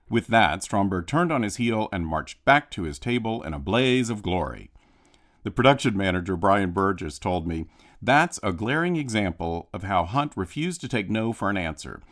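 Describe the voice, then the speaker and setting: A man with a lowish voice narrates a prepared film commentary. He tells backstage anecdotes at a measured pace and gives the quoted lines a little voice of their own. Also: lively intonation. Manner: measured storytelling, lightly acting out quotes. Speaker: film historian giving audio commentary. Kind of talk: scripted commentary reading.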